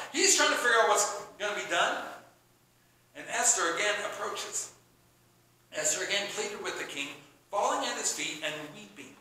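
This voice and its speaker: A man preaching a sermon, retelling a scripture story with animated storytelling and acting out the characters' lines. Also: sits high. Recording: echoey room with faint background noise.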